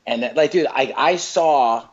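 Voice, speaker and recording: A man tells stories in a loose, casual chat, stacking up fillers and false starts as he goes. His voice sits at an ordinary pitch for a man. The recording sounds somewhat dull and muffled. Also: slow, breathy edge. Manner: animated storyteller, many fillers and restarts. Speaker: comedian guest.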